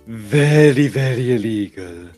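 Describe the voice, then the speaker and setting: A man voicing a deadpan, teasing male wolf character in a Minecraft roleplay. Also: medium pitch, slow, no room sound, faint music behind.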